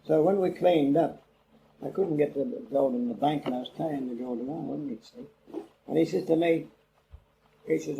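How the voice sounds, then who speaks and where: A man's voice: fairly high pitch, moderate pace, vocal fry, warm tone, rough recording. An older man, telling a rambling oral-history story and acting out the dialogue. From England. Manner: rambling, acts out quoted dialogue. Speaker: interviewee. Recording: old cassette interview with faint hiss.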